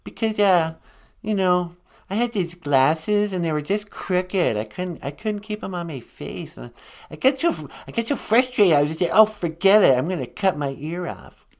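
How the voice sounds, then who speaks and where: A man's voice: high-pitched, expressive, normal speed, voice pushed up. A man playing a brash, easily offended famous male painter who talks in slang and keeps calling people "man.". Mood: huffy explaining.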